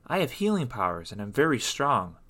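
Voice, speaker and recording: A man voicing a brave, stubborn young girl mermaid in a storybook reading, speaking high and insistent. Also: sing-song, brisk, pushed and bright. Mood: eager.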